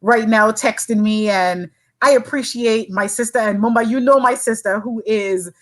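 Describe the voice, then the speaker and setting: With a voice on the high side and a moderate pace, a podcast guest from Saint Croix in the U.S. Virgin Islands talks casually, earnest and encouraging, in long runs. The audio is poor.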